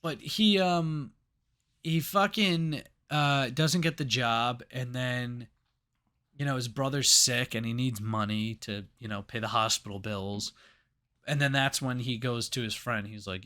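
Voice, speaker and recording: A man's voice: mid-range voice, measured pace, bright, forceful tone. A man recapping a film on a laid-back podcast. He talks loosely, swears freely and fills his sentences with "like" and "you know.". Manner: casual, swears freely, lots of fillers. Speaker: podcast co-host. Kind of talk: casual movie review chat.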